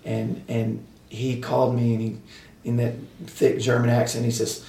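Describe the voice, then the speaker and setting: A man telling stories in casual chat, rambling with halting restarts and laughing as he goes. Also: mid-range voice, flat delivery, warm tone, roomy sound, far from the mic. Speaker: guest musician telling stories.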